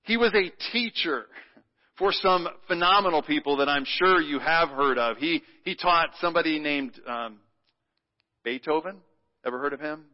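A pastor preaching a sermon in a playful way, leading the congregation in repeating a word. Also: male voice, fairly high pitch, moderate pace. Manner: playful, leads congregation in call-and-response. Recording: muffled sound with long hall reverb.

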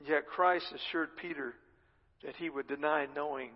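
A man's voice: fairly high pitch, fairly even intonation, normal speed. A male pastor preaching a sermon, retelling a scripture story in his own conversational words. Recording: reverberant dull-sounding hall.

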